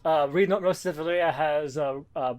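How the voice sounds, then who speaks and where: A man's voice: fairly high pitch, a little fast, darkish tone. Man recapping a comic plot casually. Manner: recaps plot with many fillers. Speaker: podcast co-host. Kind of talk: casual comic book discussion.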